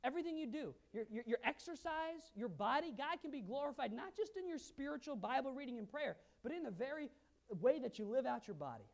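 A male pastor preaching a sermon, asking the audience questions and swinging from quiet asides to loud emphasis. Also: very high voice, lively intonation, fairly quick, creaky.

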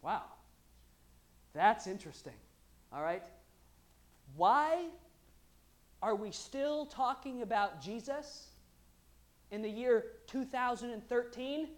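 A woman preaching a lively, conversational sermon, joking with the congregation between scripture readings. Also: high-pitched, measured pace, pauses often. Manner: lively and conversational, with humorous asides.

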